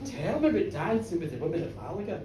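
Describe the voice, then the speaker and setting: A woman voicing an eager, hot-tempered young Spanish man who prods for more and bursts into shouts, told live in a pub. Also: on the low side, very animated, quick pace, background noise, voice pushed down. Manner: eager prodding, sudden shouts. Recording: echoey live bar, from a distance.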